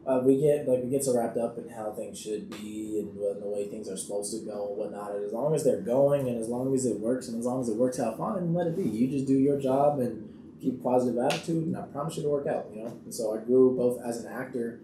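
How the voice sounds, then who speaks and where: A young man, an actor, chatting casually in an interview and telling stories in an animated way with frequent laughter. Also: medium pitch, brisk, far from the mic. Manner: animated storyteller who laughs often and acts out quotes. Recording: roomy echo, off-mic, faint background hiss.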